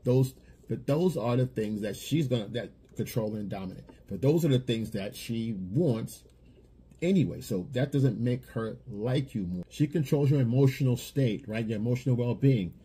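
A man's voice: medium pitch, expressive, normal speed, dark tone, husky. A man giving blunt dating advice in a lecturing monologue, often repeating himself. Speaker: dating coach.

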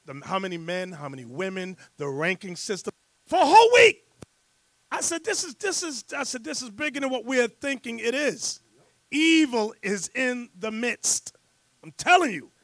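Male preacher, fiery and shouting, high lively voice, bright and dry. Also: no room sound. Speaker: bishop leading a scripture class. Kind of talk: sermon with rant and teaching.

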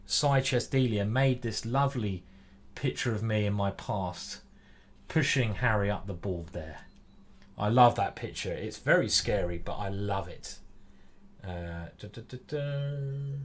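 English male streamer, relaxed running commentary on his moves, talks straight to chat. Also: on the low side, unhurried. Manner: chatty, reads viewer chat aloud. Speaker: chess streamer. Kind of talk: live-stream commentary while playing.

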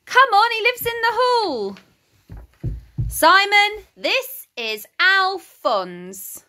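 A woman's voice: very high-pitched, very animated, very slow, sharp tone, voice pushed up, exaggerated voice. A woman voicing a cheerful, helpful cartoon creature in a children's storybook, with an eager, upbeat manner.

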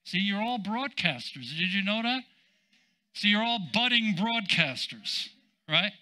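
An older man, a senior pastor, preaching a sermon in an emphatic, drawn-out way with casual asides. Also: high voice, big pitch swings, sharp tone, poor audio.

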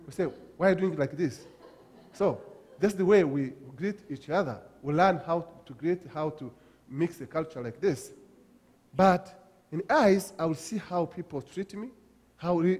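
A man from Africa preaching a sermon as pastor, with halting restarts and emphatic repetitions. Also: on the high side, darkish tone, husky. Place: church sanctuary. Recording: long church hall reverb.

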